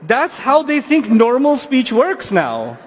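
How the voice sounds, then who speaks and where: A man's voice: extremely high pitch, takes it slowly. Man giving a talk in a reverberant hall. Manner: conversational, animated, acts out kids and parents. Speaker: speaker addressing parents. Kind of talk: religious talk to families. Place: hall before an audience.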